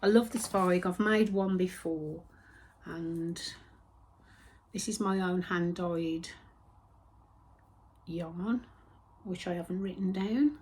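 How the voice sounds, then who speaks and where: A woman hosting a crafting podcast, chatting casually and rambling, with soft whispered asides. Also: on the low side, slow, pauses often, breathy edge. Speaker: host of a knitting and spinning podcast. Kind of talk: casual chat.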